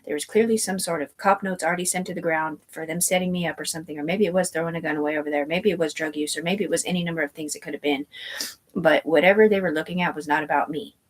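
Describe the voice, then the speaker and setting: A woman's voice: low-pitched, fairly even intonation, fast talker. A woman telling a long personal story in a rambling, tangential way, swearing freely and piling up fillers and asides. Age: adult.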